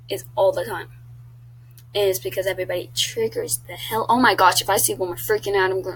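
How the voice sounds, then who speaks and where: A woman's voice: mid-range voice, fairly even intonation, fairly quick, slight background noise, low-quality recording. A teenage girl chatting casually on her own vlog, blunt and talkative, swearing often. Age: teens. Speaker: YouTuber.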